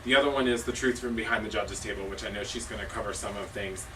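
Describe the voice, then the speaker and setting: A man's voice: fairly low pitch, fairly even intonation, fast, fairly bright tone. Joking man coaching staff from afar. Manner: casual, joking, emphatic. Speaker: cheer coach and judge. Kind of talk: staff training talk. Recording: distant mic with noisy background.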